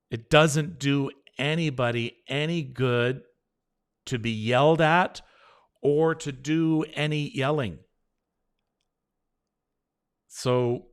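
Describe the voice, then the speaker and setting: A middle-aged man hosting a live show, reassuring and encouraging viewers as he reads their comments and leads a slow breathing exercise. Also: mid-range voice, smooth. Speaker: host.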